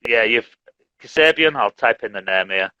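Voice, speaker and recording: Man, teacher, relaxed and chatty. Bright tone, dry close sound. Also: on the low side, fairly quick, no room sound, lo-fi sound. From Leeds, England. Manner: relaxed, chatty, laughs often. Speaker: English teacher, host. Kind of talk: casual live-stream chat. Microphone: video call.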